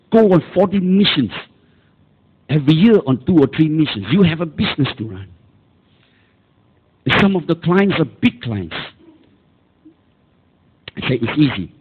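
A man's voice: mid-range voice, husky, narrow, tinny audio. A man with a Malaysian English accent, preaching a sermon as pastor and calling the congregation for amens. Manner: emphatic, calls for amens and repetition.

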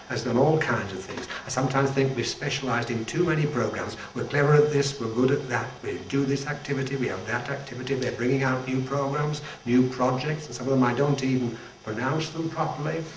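A man's voice: mid-range voice, brisk, few pauses. Older man preaching in an echoey hall. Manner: chatty, humorous, with chuckling asides. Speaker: retired Salvation Army general leading devotions. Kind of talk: informal devotional talk. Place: church band practice room. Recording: echoey, distant, noisy room recording.

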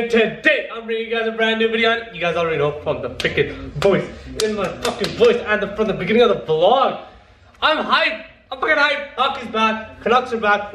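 Hyped-up young guy vlogging. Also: sits high. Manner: excitable, swears a lot, repeats himself. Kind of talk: hyped casual vlog. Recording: roomy echo, faint background noise.

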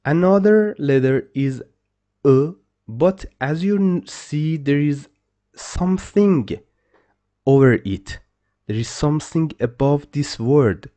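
A man's voice: on the high side, lively intonation, slow, warm tone. A man teaching a pronunciation lesson, who explains patiently and repeats each word several times. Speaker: language teacher.

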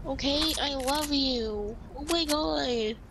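Woman gamer, high voice, slow drawl, playful trash talk, loud engine and game noise behind. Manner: playful, teasing, sing-song taunts. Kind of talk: casual gameplay trash talk. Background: loud game sounds, engines.

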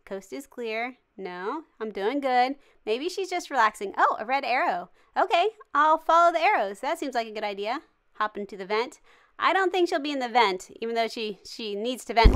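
A woman's voice: a little high, lively intonation, moderate pace, fairly bright tone. A woman hosting a gaming channel, giving cheery, jokey and dramatic running commentary as she plays. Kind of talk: playful game commentary.

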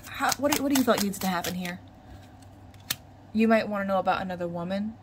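A woman's voice: medium pitch, fast talker, noisy background. A woman giving a casual tarot reading, musing aloud and repeating her questions to the cards. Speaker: tarot reader.

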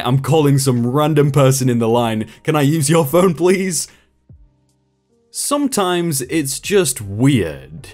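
A man reading online stories aloud with an expressive storytelling delivery. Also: mid-range voice. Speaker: story narrator.

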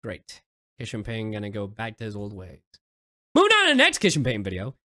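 A man's voice: lowish voice, huge pitch swings, fairly quick, sharp tone, dry recording, studio quality. A man hosting a reaction video in casual commentary, exasperated and swearing, with sarcastic asides.

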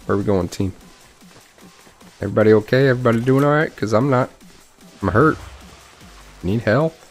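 A man streaming a video game, talking through the action in casual commentary with excitable, self-mocking reactions. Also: medium pitch, normal speed, faint music behind. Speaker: gaming streamer.

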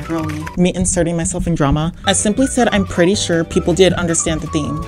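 A woman's voice: low voice, moderate pace. A young woman giving casual, profane, sarcastic commentary as she plays a video game. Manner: profane, sarcastic, trash-talking. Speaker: gaming vlogger. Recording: music playing behind voice.

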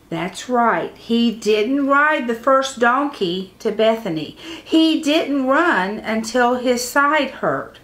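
A woman reading a picture book aloud to children, expressive, with dramatic pauses. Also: fairly high pitch. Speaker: children's storyteller.

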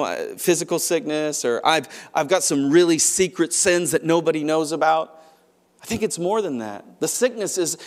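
A man preaching a sermon as pastor, moving between hushed, quiet stretches and loud, pressing passages, often restarting his phrases. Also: fairly high pitch. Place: large church auditorium.

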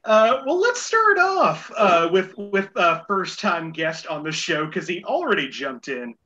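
A man's voice: fairly high pitch, lively intonation, unhurried, sharp tone, dull audio. A man with a light Boston accent hosting a casual game show podcast, rambling with many fillers and repeated words. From Boston area.

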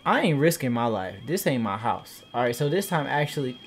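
A young man hosting a gaming channel, giving casual let's-play commentary in loose slang with bursts of loud excited shouting. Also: medium pitch, a little fast, a little hiss or hum.

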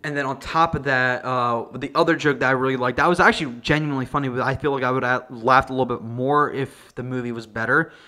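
A video reviewer ranting about a movie with exasperated, profane comic energy, sometimes jumping into high-pitched outbursts. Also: fairly even intonation, fast talker, few pauses, sharp tone. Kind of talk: comedic movie review rant.

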